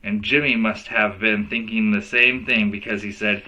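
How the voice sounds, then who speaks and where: A man's voice: fairly low pitch, normal speed, hardly any pauses, rough recording. A male teacher reading a children's novel aloud to kids, giving each character a voice. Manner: lively storyteller who voices each character.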